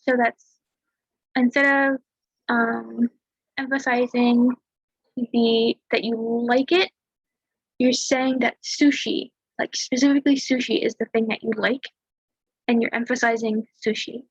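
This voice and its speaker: A woman tutoring a language lesson over a screen share in a relaxed, chatty way, talking through examples. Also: fairly high pitch, a little slow, pauses often, breathy edge, no room sound, muffled recording. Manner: relaxed, chatty explaining with fillers and small laughs.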